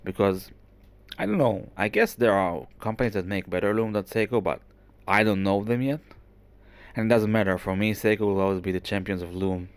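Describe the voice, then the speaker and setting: A man's voice: on the low side, fairly quick, clear, resonant tone, dry recording. A man hosting a casual show-and-tell vlog indoors at home, talking with rambling enthusiasm and plenty of fillers and restarts. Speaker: watch vlogger.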